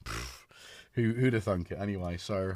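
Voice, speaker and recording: This livestream host has a low, somewhat mellow, sing-song voice and talks at a moderate pace. The sound is clean studio audio with no room sound, and synth music runs beneath his rambling casual chat, which trails off mid-thought.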